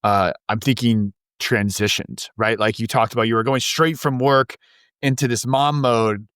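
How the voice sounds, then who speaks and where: A man's voice: medium pitch, fairly even intonation, moderate pace, a bit bright, smooth, dry recording, studio quality. A man hosting a podcast, asking long, rambling questions full of restarts. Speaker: podcast host. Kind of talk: casual interview.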